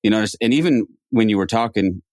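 A man's voice: on the low side, brisk, darkish tone, no echo, studio quality. A man hosting a podcast in a casual conversation, talking reflectively and often restarting phrases. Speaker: podcast host.

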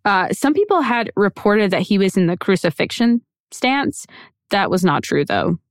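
A woman's voice: medium pitch, sing-song, moderate pace, dry recording, studio quality. Casual woman telling a true-crime story. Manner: conversational, many fillers and hedges. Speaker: podcast host.

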